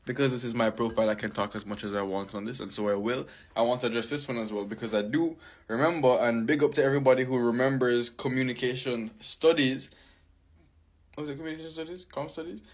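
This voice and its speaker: Man, casual chatty commentary, mid-pitched voice. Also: fast talker. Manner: chatty, musing, thinks aloud. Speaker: reaction host.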